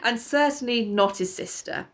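A woman's voice: fairly high pitch, moderate pace. A woman co-hosting a podcast who reads a book aloud, breaking off often to giggle and joke in casual chat.

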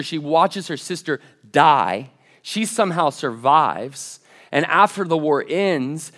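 A man with a slightly higher voice preaches a church sermon. He reads quotations and scripture aloud and swells into loud, fervent stretches. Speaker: college pastor.

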